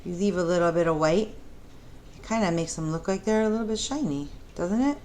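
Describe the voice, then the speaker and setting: A woman teaching a preschool art lesson in a gentle, encouraging way, talking the children through each step and asking them questions. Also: fairly low pitch, expressive, brisk, a little hiss or hum.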